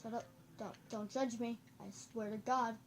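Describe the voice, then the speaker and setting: A goofy, excitable gameplay commentator who breaks into sudden loud outbursts, recorded on a camera microphone. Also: mid-range voice, normal speed, a little hiss or hum. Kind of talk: casual let's-play commentary.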